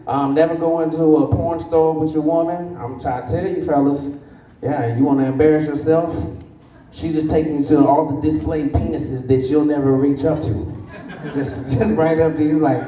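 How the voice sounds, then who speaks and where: A man performing stand-up on a club stage, his voice a touch high for a man yet mellow and dark in tone. He often laughs at his own punchlines and slips into put-on voices for the people in his stories. The sound carries the echo of the room, as if picked up from a little way off, with faint ambience behind it. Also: normal speed. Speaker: stand-up comedian. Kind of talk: stand-up comedy set. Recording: echoey room, voice slightly distant.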